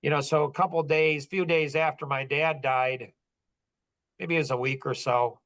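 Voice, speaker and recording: A man's voice: fairly high pitch, steady tone, normal speed, fairly bright tone. A man in his sixties telling personal stories in a casual, reflective podcast chat, earnest and rambling, often saying "like". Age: 60s. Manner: earnest, rambling, heavy use of "like". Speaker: podcast host.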